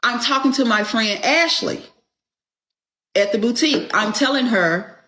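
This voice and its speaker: A woman speaks unhurriedly in a slightly high voice, telling a personal story in casual, profane talk. She sounds indignant, acts out the people in her story, and keeps checking in with a rhetorical "Okay?". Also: a little slow, sharp tone, low-quality recording. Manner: acts out quoted dialogue.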